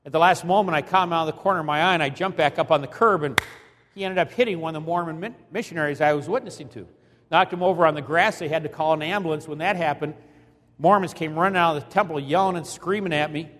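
A man's voice: fairly high pitch, fast talker, a bit bright, in a large hall. A man preaching a sermon, telling a story dramatically and acting out the quotes with emphasis. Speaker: evangelist preacher.

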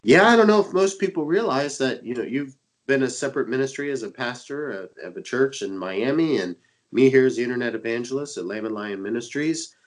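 A man's voice: medium pitch, expressive, brisk, poor audio. Man, congested, stuffy from a cold, religious radio co-host, eager, talkative. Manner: eager and talkative, with many fillers. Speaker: co-host and internet evangelist. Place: Dallas, Texas area.

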